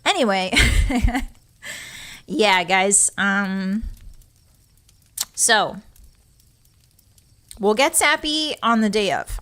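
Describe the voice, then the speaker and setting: A woman's voice: fairly high pitch, animated, slow, long pauses, fairly bright tone. A young woman streamer chatting casually with her live audience, emotional and giggly as she talks and reads chat.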